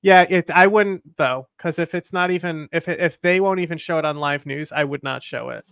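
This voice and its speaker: A man's voice: on the high side, moderate pace, creaky, fairly bright tone, clean tone, no echo. A man co-hosting a live stream, chatting casually and retelling events in detail. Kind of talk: casual reaction commentary.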